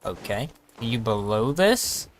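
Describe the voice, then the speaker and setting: A man's voice: on the low side, very animated, measured pace. A man giving casual, joking gameplay commentary, often talking to himself as he plays. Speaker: streamer.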